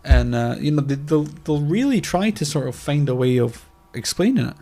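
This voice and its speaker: Male podcast co-host, argumentative and sweary, mid-high register. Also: animated, moderate pace, dark tone. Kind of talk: casual chat.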